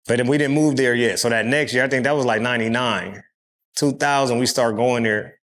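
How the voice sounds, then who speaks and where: A man from California, telling stories as an interview guest, profane and animated, acting out other people's voices. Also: medium pitch, brisk. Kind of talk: casual storytelling.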